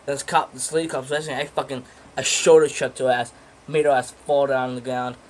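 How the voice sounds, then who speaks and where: A man's voice: medium pitch, flat delivery, a little fast, rough recording. A teenage guy casually telling a story in a rambling, profane way, full of fillers and restarts. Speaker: vlogger.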